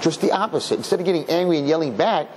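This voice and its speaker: Lively rabbi lecturing a class, man, jumps into character voices, light background hiss. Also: racing. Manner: animated, acts out people with high voices, Yiddish and Hebrew words.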